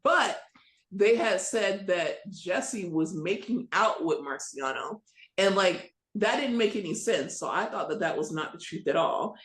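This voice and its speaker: Animated woman host in an echoey room. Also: mid-range voice, a little slow. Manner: animated, blunt, wraps up and prompts others. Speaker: podcast host. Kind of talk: casual pop-culture recap chat.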